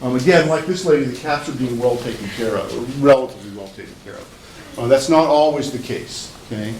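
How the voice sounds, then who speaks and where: A man's voice: medium pitch, a little fast, a little mellow, a little hiss or hum, rough recording. A man, a professor, lecturing to a class and telling a rambling personal story with many fillers and restarts. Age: older. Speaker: psychology professor.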